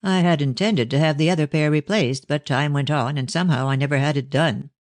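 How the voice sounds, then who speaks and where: A man's voice: fairly high pitch, fairly quick, dry recording, close to an everyday voice. A man reading a stern cold old father. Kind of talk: audiobook character reading.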